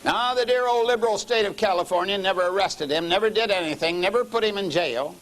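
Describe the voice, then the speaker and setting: A preaching man, his voice sitting a little high for a man. He tells his story in a sermon, sinking to quiet low lines and then lifting into emphatic passages. Middle-aged and practiced at the pulpit. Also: fast, low-quality recording.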